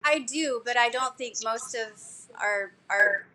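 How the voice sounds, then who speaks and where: Woman interviewer, slightly high voice. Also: unhurried, crowd noise, rough recording.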